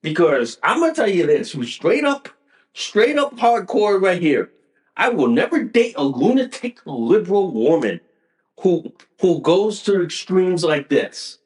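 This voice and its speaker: Give me a man hosting a podcast, delivering a slow, profane political rant. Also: high voice, sing-song, a little mellow. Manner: emphatic, profane, repetitive ranting. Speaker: podcast host.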